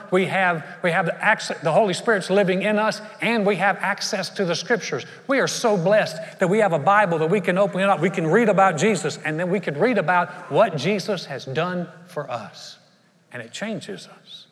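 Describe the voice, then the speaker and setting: A man preaching a sermon as pastor, emphatic, moving between loud bursts and hushed lines. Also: sits high. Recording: long hall reverb.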